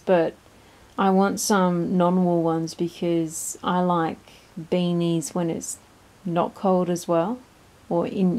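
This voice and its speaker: A woman's voice: on the low side, dark tone. A woman, chatting casually and rambling in her backyard, often laughing. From Australia. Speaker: vlogger. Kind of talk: casual chat. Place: backyard with ducks and birds, outdoors. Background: birds and ducks.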